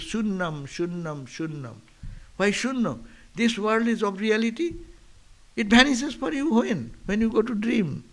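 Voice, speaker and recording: A man, a monk, giving a philosophical sermon at a monastery, repeating words like a chant and questioning his audience. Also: sits high. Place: monastery lecture.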